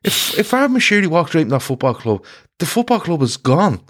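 A man's voice: fairly high pitch, a little fast. A man hosting a casual football podcast, telling stories with lots of swearing and mocking quotes. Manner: swearing, animated storytelling with mocked quotes. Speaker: podcast host.

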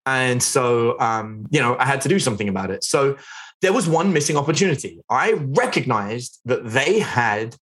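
A middle-aged online business instructor runs a live webinar in a chatty style, peppering his speech with "like" and "right?" and asking the chat questions. His mid-range voice is slightly bright, with lively intonation and a moderate pace.

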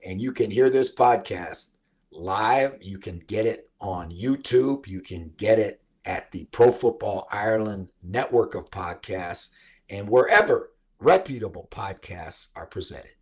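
Casting: low-voiced, husky man with a head cold, relaxed sports podcast host who rambles. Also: a little slow. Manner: laid-back, rambling with many fillers. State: hoarse from a cold. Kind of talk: casual sports chat.

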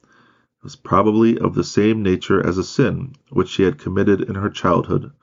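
Deep, gravelly male audiobook reader. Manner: measured, steady reading with occasional slips. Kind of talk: reading a biography aloud. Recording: dull lo-fi recording.

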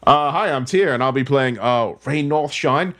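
A man's voice: mid-range voice, normal speed, a bit bright. A man playing in a tabletop game, joking and teasing his friends in casual banter. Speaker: player.

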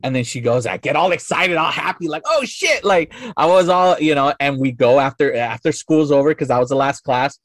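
A man's voice: mid-range voice, a little fast, few pauses, no room sound, studio quality. A man in his thirties, a podcast guest telling a story casually in a rambling, profane way full of filler words.

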